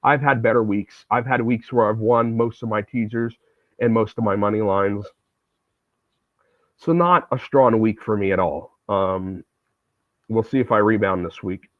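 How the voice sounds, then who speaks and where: A man's voice: fairly low pitch, a little slow, no room sound. Laid-back man streaming a game. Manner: relaxed, chatty, self-deprecating. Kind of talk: casual livestream chat while gaming. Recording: tinny, phone-like, dry sound.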